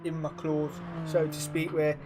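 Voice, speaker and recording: A man hosts a racing league live, calling the action in a casual, excitable way. His voice sits a little on the high side, and he chats with his viewers and drops slang as he goes. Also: a little slow, background noise. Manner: excitable, chatty, slangy, talks to chat. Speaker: league host and race commentator. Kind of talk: casual live-stream race commentary.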